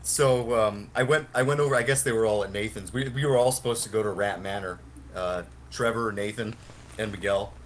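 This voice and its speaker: A man's voice: lowish voice, brisk, slight background noise. A young man on a podcast telling a long, rambling anecdote with plenty of swearing and laughter. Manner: rambling, profane, laughs often. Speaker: podcast co-host. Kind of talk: casual storytelling chat.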